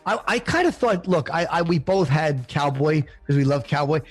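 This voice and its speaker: A man in casual chat who talks in a relaxed, hesitant way and repeats words as he starts sentences. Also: on the high side, moderate pace, faint music behind.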